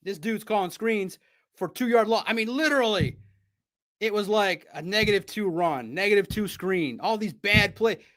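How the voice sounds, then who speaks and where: A man hosting a live sports stream, talking in an excitable, rambling, chatty way from a home studio. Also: sits high, moderate pace.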